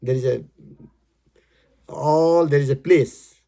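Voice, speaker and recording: A man explaining his poem in halting, emphatic English, repeating his words as he goes. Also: fairly high pitch, vocal fry, warm tone. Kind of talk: casual spoken explanation.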